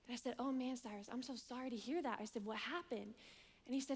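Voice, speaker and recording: A woman's voice: fairly high pitch, quick pace, slightly rough. Young adult director, woman; emphatic sermon delivery with long hall reverb. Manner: emphatic, repeats key lines, swings between loud and hushed.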